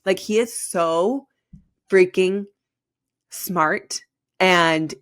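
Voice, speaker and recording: Woman in her 30s chatting on her podcast, lots of "like", pretty low voice. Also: extremely slow, smooth. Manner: chatty, peppered with "like", addresses listeners directly. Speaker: podcast host. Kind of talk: casual personal storytelling.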